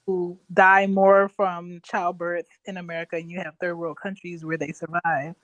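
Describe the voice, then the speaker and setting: A woman's voice: lowish voice, little pitch movement, moderate pace, no echo, lo-fi sound. A woman hosting a casual podcast chat, talking emphatically and telling stories. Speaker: podcast host.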